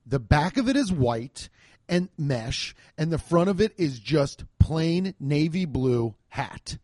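Sarcastic man ranting, higher voice. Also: darkish tone, dry recording. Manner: sarcastic, profane, exasperated storytelling. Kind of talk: casual comedic movie rant.

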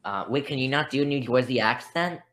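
Woman w a super deep low voice, rambly podcast chat, jokes at herself. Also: fairly quick. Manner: chatty, rambling, self-deprecating. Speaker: podcast co-host. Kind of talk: casual chat.

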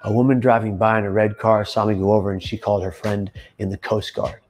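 Low-voiced man giving an intense testimony. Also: level tone, fast, a little hiss or hum. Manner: intense, emphatic, rises to loud bursts. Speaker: storyteller. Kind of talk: personal testimony monologue.

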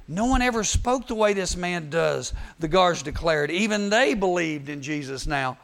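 A man preaching a youth sermon, telling Bible stories in an animated way and acting out the voices. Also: high voice, moderate pace, gravelly. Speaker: youth speaker.

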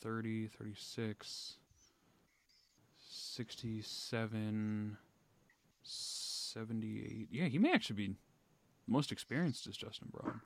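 A man's voice: fairly low pitch, slow pace, creaky, long pauses. A man co-hosting a casual sports podcast, blunt and swearing freely, muttering while he checks stats. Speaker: podcast co-host.

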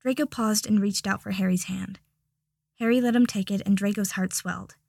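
Woman narrator, soft and gravelly, close dry mic, audiobook. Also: medium pitch, steady tone, moderate pace, dry recording. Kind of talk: audiobook reading.

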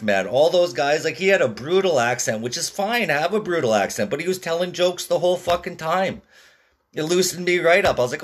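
A man's voice: a little high, animated, normal speed, a bit bright. Canadian dude rambling on his podcast, swears a lot, voice jumps all over. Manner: profane, laid-back storytelling with lots of "like" and "man". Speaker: podcast host. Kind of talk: casual rambling monologue.

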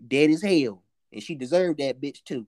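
A young woman co-hosting a casual podcast, telling stories in a loud, profane, animated way. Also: low-pitched, normal speed, a crowd in the background. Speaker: podcast co-host.

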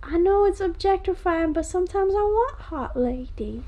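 A woman co-hosting a podcast in casual chat, animated, laughing often and swearing freely. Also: very high voice, normal speed, highs cut off. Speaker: podcast co-host.

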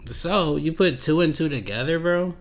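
A man's voice: fairly high pitch, moderate pace, gravelly. A man hosting a casual solo podcast, talking in a laid-back, rambling, slangy way that drifts off topic. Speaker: podcast host.

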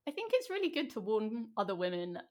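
A woman's voice: fairly high pitch, very animated, a little fast, darkish tone. A woman hosting a casual chat podcast, supportive and asking follow-up questions. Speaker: podcast host.

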